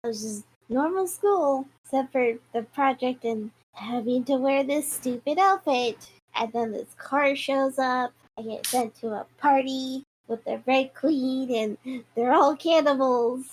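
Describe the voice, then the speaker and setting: A woman's voice: high voice, measured pace, slight background noise, rough recording. A woman speaking as a player in a tabletop game, plain and a little exasperated. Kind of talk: tabletop role-play in character.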